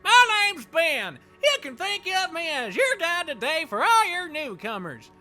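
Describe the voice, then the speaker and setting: A man voicing a manic, boyish male dog who guides miners, squeaky and excitable. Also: unhurried, faint music behind, exaggerated voice. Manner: excitable, shouty, pushy.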